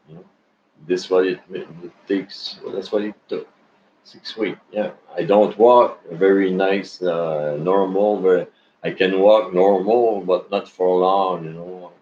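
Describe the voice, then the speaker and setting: This is a man talking casually to his online followers in a deep, low voice. He speaks slowly, rambling and halting, and restarts his sentences often. The sound is dull and lo-fi, with a faint hiss behind it. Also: darkish tone. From Canada. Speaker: vlogger. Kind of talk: casual personal chat to followers. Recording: dull lo-fi recording with faint noise.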